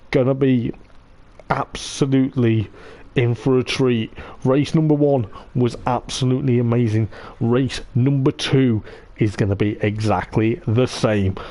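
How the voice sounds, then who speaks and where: An excitable man commentates a sim race live into his mic, piling on hype and repeating himself. His voice is mellow and warm, growing a little hoarse as he talks. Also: mid-range voice, a little slow. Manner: excitable, repeats "I tell you what", laughs often. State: voice going hoarse.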